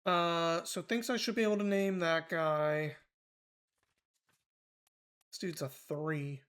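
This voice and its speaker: A man's voice: a little high, fairly even intonation, slow pace, fairly bright tone, smooth. A man streaming a mystery game, thinking aloud in loose, casual commentary with offhand swearing.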